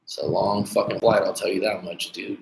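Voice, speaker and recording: Casual male livestream coach, blunt and profane, slightly low voice, faint noise behind him. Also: fairly even intonation, a little fast, gravelly, darkish tone. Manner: blunt, profane, casual, calls viewers dude. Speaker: dating coach livestream host. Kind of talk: casual livestream chat reading viewer comments. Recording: echoey room with faint background noise.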